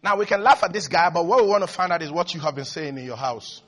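A man preaching a fervent, repetitive sermon that rises into shouts. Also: on the high side, expressive, quick pace.

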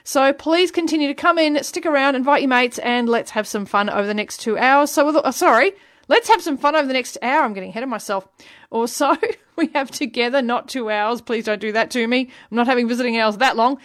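A woman radio host with a fairly high voice chats easily between records. She is playful and teases herself. She talks to her listeners as if among friends. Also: brisk, fairly bright tone. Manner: chatty, playful and self-teasing. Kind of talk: casual radio chat.

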